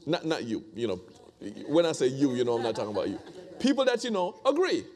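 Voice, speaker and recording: A man's voice: mid-range voice, sing-song, fast, darkish tone. A man preaching a conversational sermon, repeating phrases and asking the congregation rhetorical questions.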